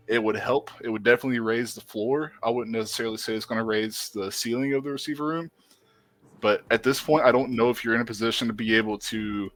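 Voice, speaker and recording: A man guest on a casual sports talk show, measured and explaining at length. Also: medium pitch, a bit bright, no room sound.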